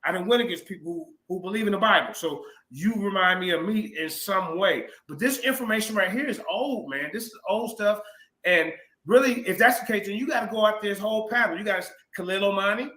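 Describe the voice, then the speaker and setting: A man arguing heatedly as a guest in an online debate, loud and cutting in, repeating himself. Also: high-pitched, a little fast, echoey room.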